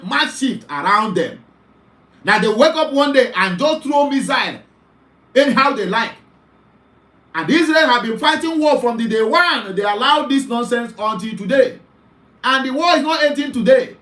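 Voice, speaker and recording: A middle-aged Nigerian-accented man hosts an online talk show in an urgent, pleading monologue, repeating himself for emphasis. His voice sits unusually high for a man, and it rings around an echoey room. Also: a bit bright. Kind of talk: impassioned commentary monologue.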